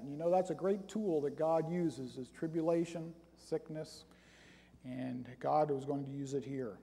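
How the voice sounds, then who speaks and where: High-voiced preacher in a reverberant hall. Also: male voice. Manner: reads scripture aloud, then rises to loud emphatic points. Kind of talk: sermon.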